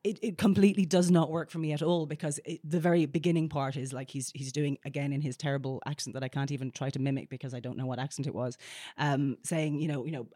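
A woman's voice: low voice, quick pace, a little mellow, dry recording, clean studio sound. Emphatic Irish-born woman critic, blunt. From Ireland. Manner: emphatic, blunt, many restarts. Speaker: film critic. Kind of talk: podcast discussion.

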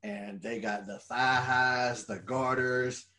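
A man's voice: mid-range voice, takes it slowly. Middle-aged guy telling wild stories, cussing a lot and laughing at himself, easygoing chat. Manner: animated storyteller who swears freely and laughs at his own stories. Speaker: podcast co-host and former wrestler. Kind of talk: casual storytelling chat.

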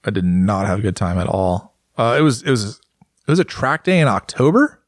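A man's voice: on the low side, very animated, a little fast, no room sound, clean studio sound. A man co-hosting a casual podcast, talking in a rambling way with lots of fillers and restarts. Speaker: podcast co-host, motorcycle rider. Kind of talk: casual chat.

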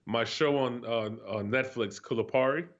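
A man, profane, animated storyteller, slightly muffled. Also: mid-range voice, moderate pace. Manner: animated, profane, laughs through stories. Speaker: guest, retired pro athlete. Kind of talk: casual storytelling chat. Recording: slightly dull lo-fi sound.

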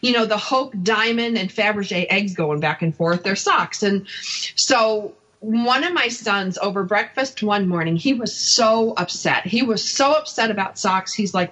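Woman host telling a lively story. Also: mid-range voice, moderate pace, lo-fi sound. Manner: storytelling, acts out quoted voices. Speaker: radio show host. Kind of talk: casual radio chat.

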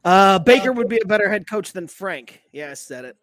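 High-voiced man in casual sports chat. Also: brisk, hardly any pauses, no echo. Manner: animated, profane, laughs a lot. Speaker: podcast co-host.

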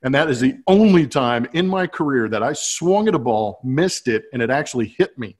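Animated man telling a ballgame story. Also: mid-range voice, moderate pace. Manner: animated, laughing, acts out quotes. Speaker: podcast co-host, former ballplayer. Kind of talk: casual storytelling chat. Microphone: webcam.

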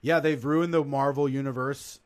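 A man's voice: medium pitch, steady tone, normal speed. A man co-hosting a casual podcast, riffing animatedly in banter. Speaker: co-host.

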